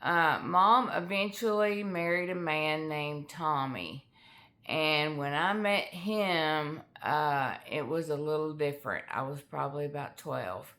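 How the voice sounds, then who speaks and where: Slow, low-voiced woman telling her story. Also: fairly bright tone. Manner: candid, halting with frequent fillers. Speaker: author sharing her life story. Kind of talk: personal storytelling to camera.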